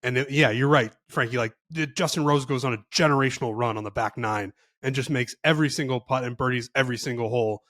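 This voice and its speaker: A man on a podcast, talking casually and running through results from his notes. He gets emphatic as he makes his point. His voice is middle-pitched. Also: quick pace, few pauses, a bit bright. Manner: reads off stats, then gets emphatic. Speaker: podcast co-host. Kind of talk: casual chat.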